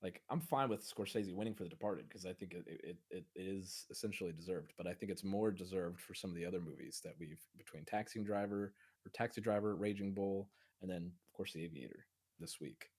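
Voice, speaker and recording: A man's voice: low-pitched, brisk, a little mellow, slightly rough. A man co-hosting a casual film podcast, rambling through stories with many fillers. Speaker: podcast co-host.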